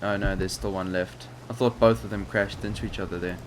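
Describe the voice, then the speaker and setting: A young man runs a gaming channel and gives hesitant, filler-heavy, rambling commentary on his flight game footage. He speaks briskly in a fairly low voice with fairly even intonation. Game noise sounds in the background.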